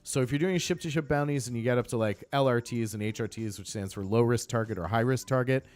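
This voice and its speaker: A man's voice: medium pitch, fast talker, darkish tone. A man chatting casually on a game live stream, upbeat and greeting viewers by name.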